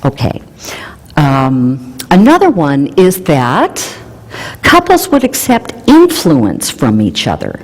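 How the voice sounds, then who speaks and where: A woman explaining relationship research in an animated way, mixing in playful personal anecdotes. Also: sits low, slow, big-room sound. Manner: animated, warm storytelling with playful emphasis.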